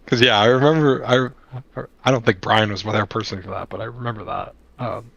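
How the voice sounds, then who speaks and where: A man's voice: on the low side, fairly even intonation, fairly quick, creaky, a bit bright, highs cut off. A man playing a tabletop game, chatty and laughing easily at himself. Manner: chatty, laughing, self-deprecating. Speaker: player. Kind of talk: casual tabletop play.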